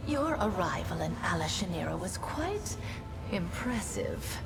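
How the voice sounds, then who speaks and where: Low sensual demon queen in a game, mocking and half whispery, music playing clearly under her. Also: big pitch swings, measured pace. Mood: regal. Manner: sarcastic, amused, partly whispered. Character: seductive female demon lord, sly and mocking. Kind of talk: video game voice acting.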